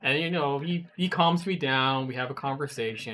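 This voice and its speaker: A man telling a story in a casual studio chat, animated, with bursts of swearing as he acts out his own anger. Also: medium pitch, normal speed, hardly any pauses. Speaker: guest, web designer.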